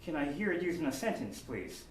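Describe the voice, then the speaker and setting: A man's voice: fairly high pitch, big pitch swings, fairly quick. A man playing a spelling bee contestant in a live sketch on a theater stage, stalling with eager questions. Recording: echoey hall from far off, with noise.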